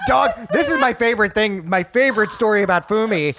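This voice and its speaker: High-voiced joking young man, noisy. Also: fairly quick. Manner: joking, teasing, laughing. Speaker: podcast co-host, comedian. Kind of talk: casual podcast chat.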